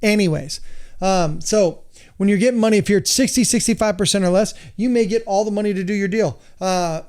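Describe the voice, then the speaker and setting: Man, middle-aged, from the United States, instructional talk, emphatic, exasperated, higher voice, resonant. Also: fairly quick, a little mellow, smooth. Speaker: real estate investor and hard money lender. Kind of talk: instructional monologue.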